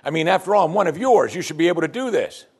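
A man's voice: a little high, racing, breathy edge. A man preaching a sermon as pastor, teaching from scripture and acting out the prayers of his listeners. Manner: animated preaching, acts out prayers in quoted voices.

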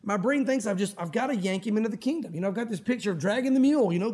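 A middle-aged man preaching a sermon as pastor, animated and acting out quoted voices. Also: sits high, very fast.

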